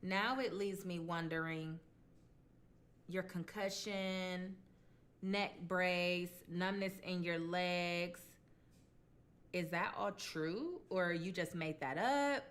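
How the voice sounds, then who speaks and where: A woman retells a true crime case over a meal in a relaxed, chatty voice. She talks conversationally, with blunt, colloquial asides. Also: fairly low pitch, takes it slowly. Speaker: true crime mukbang host. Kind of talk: casual true crime storytelling while eating.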